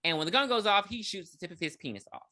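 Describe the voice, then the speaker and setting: A woman's voice: mid-range voice, expressive, fast, sharp tone. A woman co-hosting a podcast, casually recapping a film in a loose, rambling way, laughing and cursing as she goes. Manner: loose, rambling retelling with frequent laughs and profanity. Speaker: podcast co-host. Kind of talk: casual movie recap chat.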